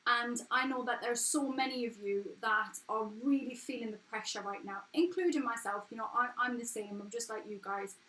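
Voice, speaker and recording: Woman in her 30s, down-to-earth English accent, earnest and frank live-stream host, slightly high voice. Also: brisk, hardly any pauses, bright, forceful tone. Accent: English, not posh. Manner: frank, earnest and chatty, with restarts and swearing. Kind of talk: casual motivational live chat. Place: at home. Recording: echoey room.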